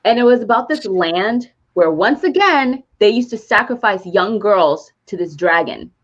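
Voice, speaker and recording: A woman co-hosting a podcast who retells a movie plot in casual chat, animated and laughing as she goes. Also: medium pitch, normal speed, lo-fi sound. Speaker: podcast co-host.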